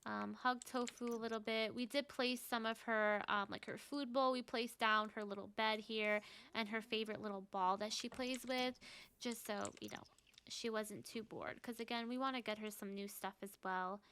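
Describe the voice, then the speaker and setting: A woman's voice: a little high, fairly even intonation, moderate pace, a bit bright, slight background noise. A woman chatting casually over her gameplay, narrating what her characters do with lots of fillers. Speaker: gameplay video creator. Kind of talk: casual let's-play commentary.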